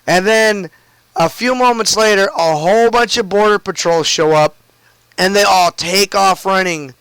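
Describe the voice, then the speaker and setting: A man's voice: high voice, moderate pace, a bit bright, smooth, dry recording, rough recording. A man streaming a game from home and telling a long story in a casual, rambling way, full of "like" and "I mean" and loose swearing.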